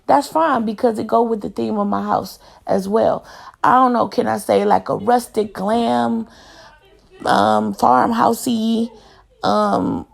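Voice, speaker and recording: Young woman vlogger, chatty and rambling, fairly high voice with heavy vocal fry. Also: steady tone, takes it slowly. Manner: chatty, rambling, keeps addressing viewers as y'all. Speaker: home decor vlogger. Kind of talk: casual home tour chat.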